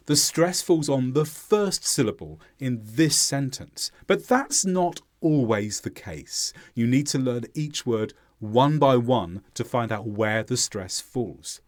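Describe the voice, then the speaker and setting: A man teaching English pronunciation, explaining clearly and modelling sounds aloud. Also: medium pitch, expressive, slow pace, dry recording, studio quality. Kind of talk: instructional lesson narration.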